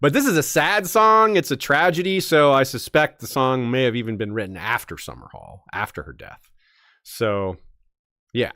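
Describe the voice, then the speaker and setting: A man co-hosting a podcast, discussing story lore in a casual, animated way and teasing his co-host with frequent laughter. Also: mid-range voice, moderate pace, no echo, studio quality.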